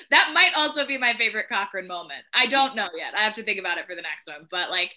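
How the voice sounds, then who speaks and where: A woman's voice: mid-range voice, lively intonation, brisk, pushed and bright. A woman co-hosting a casual podcast chat, bubbly and laughing as she retells moments. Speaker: podcast co-host.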